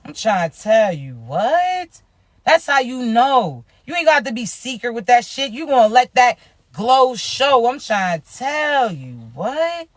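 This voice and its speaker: A woman with a raspy voice giving a casual spiritual reading, emphatic and full of profanity. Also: fairly high pitch, sing-song, unhurried, no echo, studio quality. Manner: profane, emphatic, hyped-up preaching. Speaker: tarot reader.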